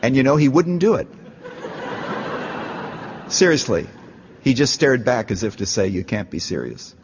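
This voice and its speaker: A man's voice: medium pitch, very animated, normal speed, noisy background. A man preaching a sermon, telling a story and rising to fervent appeals. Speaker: pastor. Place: large church. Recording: dull, echoey church hall.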